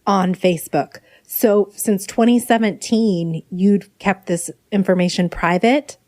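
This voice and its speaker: A woman hosting a podcast, asking gentle, attentive interview questions. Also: mid-range voice, measured pace, no room sound. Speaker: podcast host.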